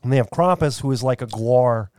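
A man's voice: medium pitch, fairly quick, darkish tone. A man co-hosting a casual podcast chat, rambling along with lots of filler words as he explains things. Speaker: podcast co-host.

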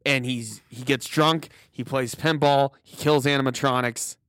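A man's voice: mid-range voice, steady tone, measured pace, a bit bright, clean tone, no room sound, studio quality. A man co-hosting a podcast, chatting casually over drinks with sarcastic, teasing jokes. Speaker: podcast co-host. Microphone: podcast mic.

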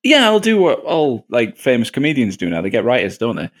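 A man hosting a casual panel discussion, moving the talk along with quick jokes. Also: medium pitch. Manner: jokey, lively, moves the talk along. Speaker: podcast host.

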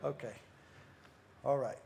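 A man's voice: medium pitch, fairly even intonation, slow, gravelly, mellow. A man preaching a sermon, telling stories with many restarts and frequent laughter. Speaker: guest preacher. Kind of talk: lively sermon storytelling.

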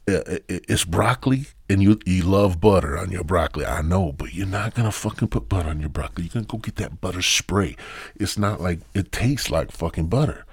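A man hosting a podcast, delivering a crude, profane comic rant that swings from loud mockery to low mumbling. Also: fairly quick, husky, no echo. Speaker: podcast host.

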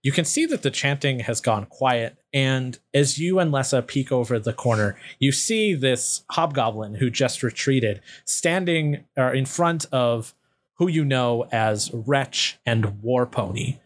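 A man running a tabletop game as game master, describing the scene in a relaxed storytelling way. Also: mid-range voice, a little slow.

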